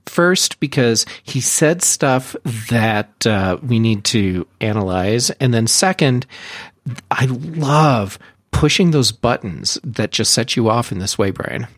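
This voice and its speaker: A man hosting a casual tech podcast, teasing his co-hosts in an animated way. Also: medium pitch, slow pace, dry recording, studio quality. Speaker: podcast host.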